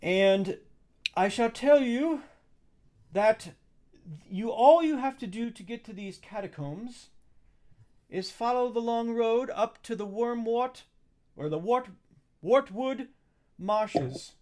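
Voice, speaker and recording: A man voicing Adjunct, a polite and eager servant, in a raised fussy voice. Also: darkish tone. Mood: courteous. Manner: high, quick, courteous pleading.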